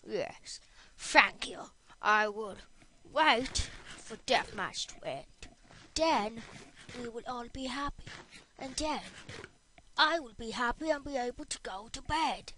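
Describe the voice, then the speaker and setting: A woman's voice: fairly high pitch, animated, takes it slowly, sharp tone, slight background noise, low-quality recording. A woman hosting a casual gaming video, playful and silly, chatting to her viewers and a bit tired.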